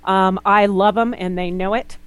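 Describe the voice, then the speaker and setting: A straight-talking woman guest who tells her stories with real animation. She acts out other people's lines in a lively way and doesn't sugarcoat anything. Her voice sits at an ordinary middle pitch for a woman. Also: normal speed, smooth, low-quality recording. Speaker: naturopath guest. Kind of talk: candid interview conversation.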